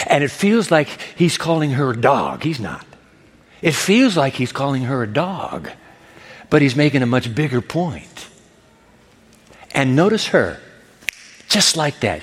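A man preaching a sermon as pastor, animated and acting out the voices of the people in the story. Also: on the high side, moderate pace, in a large hall. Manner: animated, acts out voices of Jesus and the woman.

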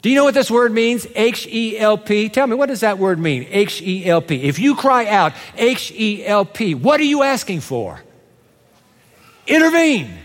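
A man's voice: high-pitched, sing-song, normal speed, in a large hall. A man preaching a sermon with emphasis, having the congregation repeat lines after him. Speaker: pastor.

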